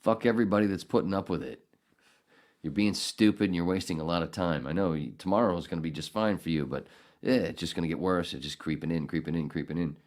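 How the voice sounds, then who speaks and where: Deep-voiced man in a profane rant. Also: fast talker, darkish tone. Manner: angry, profane, sarcastic ranting. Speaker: podcast host. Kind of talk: solo podcast rant.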